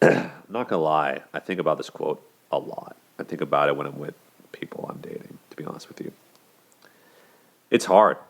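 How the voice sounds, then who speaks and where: A man's voice: rumbling low, a little fast, creaky. A man hosting a show, giving casual commentary on relationships in a conversational way, with plenty of fillers and restarts. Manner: conversational, many "you know" and "like" fillers and restarts. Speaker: host.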